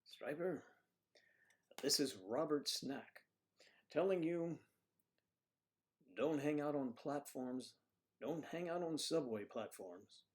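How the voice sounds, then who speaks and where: A man's voice: on the high side, takes it slowly, pauses often. Guy hosting a livestream, goofy rambling chat, playful and jokey. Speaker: livestream host.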